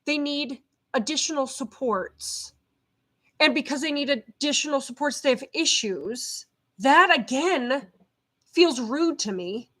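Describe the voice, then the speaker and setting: Middle-aged woman vlogger, a bit high-pitched, feisty and loud, fired up and talking straight to camera. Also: lively intonation, unhurried. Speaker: behavior consultant. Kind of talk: casual vlog talk to camera. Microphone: camera set up at home.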